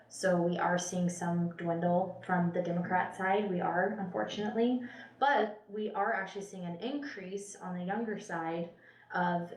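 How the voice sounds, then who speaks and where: A woman, a policy expert guest, talking earnestly and chattily, with many fillers and restarts. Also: on the low side. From Spokane County, Washington, US. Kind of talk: casual panel conversation. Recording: roomy room, mic at a distance.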